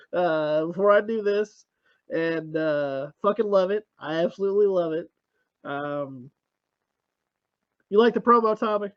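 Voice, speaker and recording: A man's voice: high-pitched, a little slow, pauses often, muffled recording. A tired man hosting a podcast, rambling in casual chat with lots of fillers and swearing. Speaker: podcast host.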